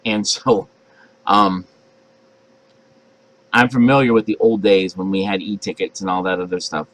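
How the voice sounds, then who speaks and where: An older man, a pastor, preaching a sermon in a chatty, animated way and acting out voices. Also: low-pitched, a little slow, low-quality recording. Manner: conversational, animated, acts out voices.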